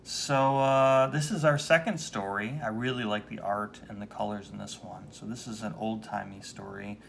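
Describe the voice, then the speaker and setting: A man's voice: fairly low pitch, steady tone, moderate pace, vocal fry, slight background noise. Man reading comics aloud, dry. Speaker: podcast co-host.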